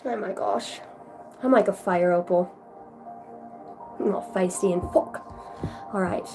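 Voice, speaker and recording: A woman's voice: medium pitch, fairly even intonation, normal speed, long pauses, warm tone. Woman, tarot reader, livestream chat, effusive, swears, faint music behind. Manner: chatty, effusive, swears freely. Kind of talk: casual livestream card reading.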